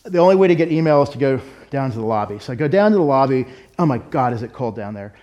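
With a medium-pitched, mellow voice, a middle-aged pastor speaks fast and expressively, the high frequencies cut off. His sermon centers on a personal story, told candidly and conversationally with self-deprecating humor.

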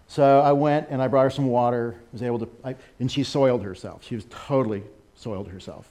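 An American man giving a sermon over a slideshow, animated, with laughing asides and excited exclamations. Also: mid-range voice, fairly quick, hardly any pauses. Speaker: missionary speaker.

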